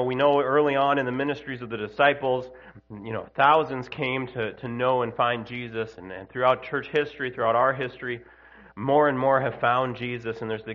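A man's voice: mid-range voice, muffled recording. A man preaching an Easter sermon in a conversational way, with many fillers and restarts and slightly congested sinuses. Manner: conversational, many fillers and restarts, animated when telling the joke. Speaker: pastor. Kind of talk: Easter sermon with opening prayer and joke.

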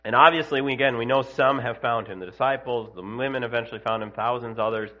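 Bright-voiced pastor, slightly congested. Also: male voice, mid-range voice, quick pace, muffled recording. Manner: conversational, many fillers and restarts, animated when telling the joke. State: congested sinuses. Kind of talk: Easter sermon with opening prayer and joke.

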